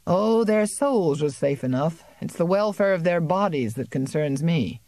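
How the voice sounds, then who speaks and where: A woman's voice: fairly low pitch, lively intonation, unhurried, dark tone, no room sound. A woman voicing a friendly, good-humored young country doctor who talks easily and cheerfully, in an audiobook. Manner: easygoing, cheerful.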